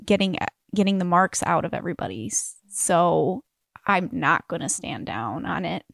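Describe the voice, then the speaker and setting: A woman's voice: fairly low pitch, animated, moderate pace, creaky, a bit bright, no room sound, studio quality. A woman player in a tabletop game, thinking aloud hesitantly about her move. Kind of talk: tabletop role-play chat.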